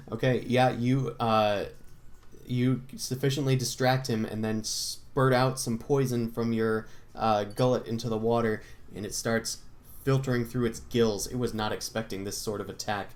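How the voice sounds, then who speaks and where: Here is a relaxed game master running a tabletop session, mid-pitched and loose in delivery. They narrate the action with plenty of "uh"s and laugh easily at the players. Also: a little slow. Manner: laughs easily, casual descriptive narration with fillers.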